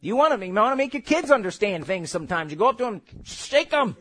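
A man preaching a sermon, animated, acting out voices and laughing as he goes. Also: high-pitched, fast, few pauses. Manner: animated, acts out quotes, laughs.

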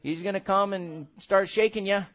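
A man preaching a sermon, animated, acting out voices and laughing as he goes. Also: high-pitched, moderate pace. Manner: animated, acts out quotes, laughs.

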